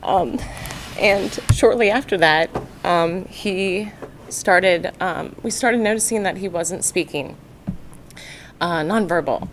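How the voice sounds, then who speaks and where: A woman speaking as a parent at a county board meeting, nervous and halting, with many fillers. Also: on the low side, a little hiss or hum. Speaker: parent giving testimony. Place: public meeting room.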